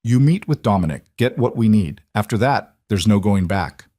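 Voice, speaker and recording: A man's voice: lowish voice, lively intonation, normal speed, dark tone, no echo. A man voicing a blunt, hardened young mafia man who speaks tersely and steadily. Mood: grim.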